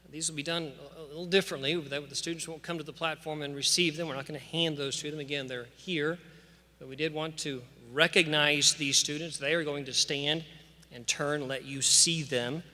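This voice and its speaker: A man's voice: fairly high pitch, fairly even intonation, brisk, sharp tone. A man giving an earnest, emphatic commencement address with scripture, in a preacherly cadence to graduates in a large church. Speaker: school official addressing graduates. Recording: long church-hall reverb.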